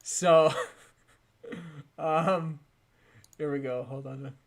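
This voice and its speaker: A man hosting a casual online show, relaxed and chuckling, with lots of fillers. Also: a little high, extremely slow. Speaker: show host. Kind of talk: casual chat on a stream.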